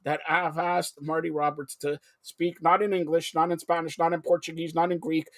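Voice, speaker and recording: Excitable host, high voice. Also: male voice, moderate pace, dry recording, clean studio sound. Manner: excitable, jumps between topics, bursts into loud exclamations. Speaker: show host. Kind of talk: live sports talk show.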